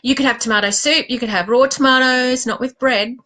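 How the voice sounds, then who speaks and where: Aussie woman late 40s, chatty and animated, bright voice, bit higher pitched, laughs at herself. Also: brisk, poor audio. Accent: Australian. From Queensland, Australia. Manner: animated, confiding, self-mocking. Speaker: life coach. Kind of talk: candid vlog talk to camera.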